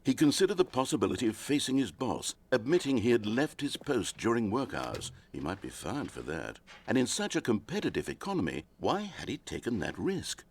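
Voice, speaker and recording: A man's voice: mid-range voice, very animated, a little fast, few pauses, darkish tone, a little hiss or hum. A man narrating a video game story in a dry, wry, scripted manner.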